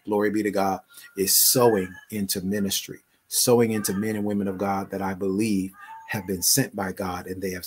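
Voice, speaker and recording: A man's voice: on the low side, slightly rough. Emphatic middle-aged male preacher. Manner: emphatic, conversational preaching with repeated phrases. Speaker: bishop and online pastor. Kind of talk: live prayer broadcast talk.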